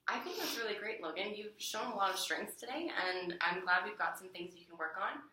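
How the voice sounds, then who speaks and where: A woman's voice: mid-range voice, lively intonation, a little fast, bright, forceful tone. A woman counselor who asks probing questions and offers encouragement in a counseling session. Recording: echoey room, mic far off.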